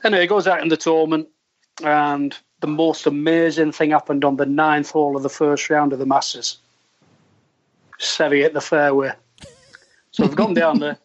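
A man, a former caddie, telling an earthy, animated anecdote and acting out the voices he quotes. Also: a little high, normal speed, pauses often. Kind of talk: storytelling anecdote. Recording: dull lo-fi sound.

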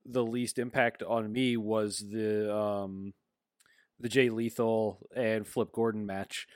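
A man's voice: on the low side, little pitch movement, takes it slowly, darkish tone, clean tone, dry recording, studio quality. A man co-hosting a podcast in casual chat, hesitant with many ums, then getting emphatic. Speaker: podcast co-host.

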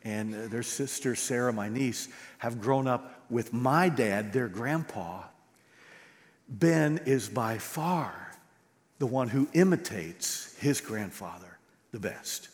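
A man's voice: medium pitch, expressive, slow pace, big-room sound. A man preaching a sermon as pastor, acting out quoted voices with animation.

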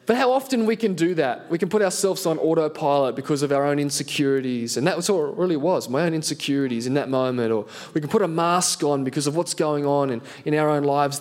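High-voiced man preaching a sermon. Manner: earnest, animated storytelling with self-deprecating humor. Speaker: pastor. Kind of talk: sermon with personal story.

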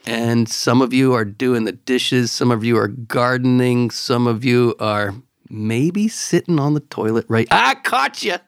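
A middle-aged man chatting on a podcast, spinning a story with lively energy and tripping over repeated words when he gets excited. His voice sits in a middle register and is recorded close and dry. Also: mid-range voice, measured pace, clear, resonant tone, dry recording. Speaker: podcast co-host. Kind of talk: casual chat and storytelling.

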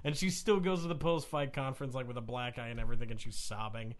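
A man's voice: medium pitch, fairly even intonation, fast talker. A man co-hosting a sports podcast, chatting casually and animatedly, swearing and putting on funny voices. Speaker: podcast co-host. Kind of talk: casual chat.

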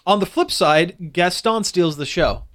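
Man, somewhat high-pitched, casual and rambling, reviewer type. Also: a little slow, a bit bright. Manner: rambling, frequent restarts and fillers. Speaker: movie reviewer. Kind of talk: casual chat.

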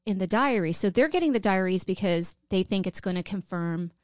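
A woman with a mid-pitched voice telling a story to her co-host, drawing it out with teasing build-ups before reading excerpts aloud. The sound is close and dry. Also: expressive, brisk, darkish tone, dry recording. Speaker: podcast co-host. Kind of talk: casual chat, reading excerpts.

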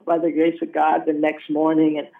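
Guy from colorado telling his story all casual, says man and bro a lot, kinda high voice, sounds tinny like a phone. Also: monotone, moderate pace, gravelly, far from the mic. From Colorado, USA. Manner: laid-back, slangy, peppers speech with "man" and "bro". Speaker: guest sharing a testimony.

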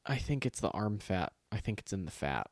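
A man's voice: fairly low pitch, brisk, no room sound, clean studio sound. A man co-hosting a casual chat, telling stories with acted-out quotes and plenty of swearing. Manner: animated storytelling, swears freely, acts out quotes.

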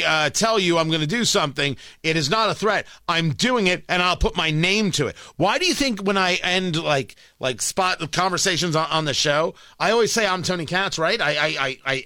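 Emphatic high-voiced talk radio host. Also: male voice, pushed and bright, dry recording, clean studio sound. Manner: emphatic, combative, repeats short demands. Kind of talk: opinionated talk radio monologue. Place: radio studio. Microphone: studio microphone.

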